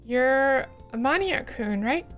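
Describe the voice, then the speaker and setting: A woman's voice: sits high, animated, slow pace, a bit bright, soft background music, exaggerated voice. A woman voicing a sly, teasing student classmate who holds a secret.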